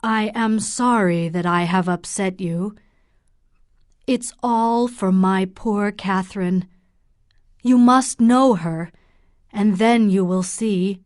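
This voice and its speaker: A woman's voice: medium pitch, slow, darkish tone, dry recording, clean studio sound, lightly acted. A woman voicing a stern middle-aged male doctor and worried father, speaking in a firm, probing way in an audiobook. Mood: gentle.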